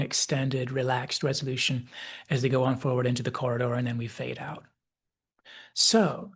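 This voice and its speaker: Husky man hosting a rambling, reflective episode analysis; mid pitch. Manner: thoughtful, digressive, with many hedges. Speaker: channel host, commentator.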